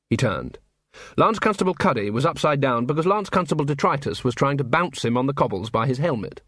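A man's voice: medium pitch, no echo, clean studio sound. A man narrating a fantasy audiobook and voicing many characters in turn. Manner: lively, voices many characters. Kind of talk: scripted narration with character voices.

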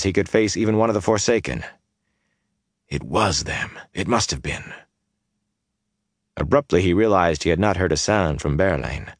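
A man narrating a fantasy audiobook in a measured, steady storytelling way. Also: deep voice, no room sound, studio quality.

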